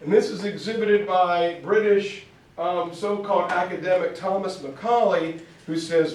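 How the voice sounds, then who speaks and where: Male teacher, high voice, slow unhurried delivery, playful lecture style, roomy classroom sound. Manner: lively, playful, puts on quick mock voices. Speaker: history teacher. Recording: echoey room, far from mic.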